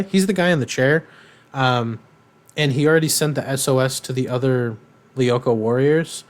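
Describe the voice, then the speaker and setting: A man co-hosting a podcast, recapping a cartoon in a casual, rambling way, with lots of ums and irreverent asides. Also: mid-range voice. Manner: rambling, filler-heavy, irreverent; acts out characters' lines in quotes. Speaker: podcast co-host.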